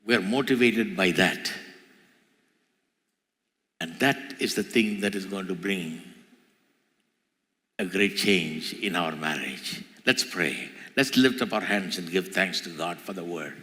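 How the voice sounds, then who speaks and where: A man preaching a sermon as pastor, his voice climbing in pitch and volume as he repeats phrases for emphasis. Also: slow pace, pauses often, bright, forceful tone. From India. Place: large church hall. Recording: church hall with long reverb.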